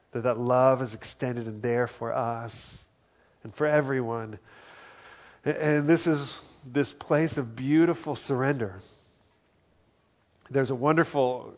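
A man preaching a sermon as pastor, earnest, dropping to a hushed voice for quoted lines. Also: mid-range voice, lo-fi sound. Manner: earnest, drops to soft quiet tones for quoted words.

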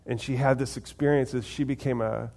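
A man's voice: medium pitch, fairly even intonation, a little fast, creaky, warm tone. A man preaching a conversational sermon, asking the congregation questions and acting out little dialogues. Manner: conversational, asks the audience questions, acts out voices of God and people. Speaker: pastor.

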